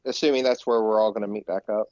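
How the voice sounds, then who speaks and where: A man playing a tabletop game, talking loudly and casually. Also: on the low side, steady tone, fast talker, no echo. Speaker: player. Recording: dull lo-fi mic, dry.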